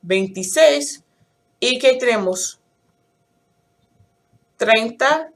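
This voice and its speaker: A woman teaching a language lesson, explaining in English and slowly counting and quizzing numbers aloud. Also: on the high side, lively intonation. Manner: slow, deliberate counting with clear pronunciation drills. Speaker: Spanish teacher.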